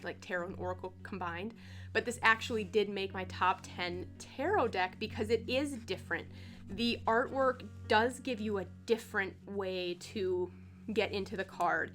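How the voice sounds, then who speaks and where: A woman with a bright, clear voice chats casually to her audience about her tarot decks. She talks in a loose, rambling way with plenty of "like" and "um". Soft music plays faintly underneath. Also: medium pitch. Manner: chatty, filler-heavy with frequent "like" and "um". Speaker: tarot content creator. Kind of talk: casual chat.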